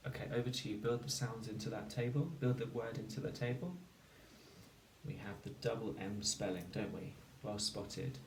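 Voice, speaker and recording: A man teaching a phonics lesson to children, slowly and clearly sounding out each word. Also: on the low side, fairly even intonation. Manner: slow, clear sounding-out of words. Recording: echoey room, distant mic, faint noise.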